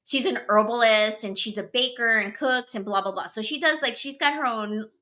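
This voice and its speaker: A woman's voice: on the high side, moderate pace, bright, forceful tone. A young woman hosting a podcast, telling a story in casual chat, full of "like" and filler words. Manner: chatty, full of "like" and "blah, blah". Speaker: podcast host.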